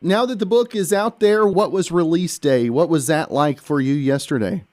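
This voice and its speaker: A man hosting a podcast. He reads a scripted intro and then interviews his guest, sometimes halting and repeating words as he checks his notes. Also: a little high, darkish tone, no room sound. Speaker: podcast host.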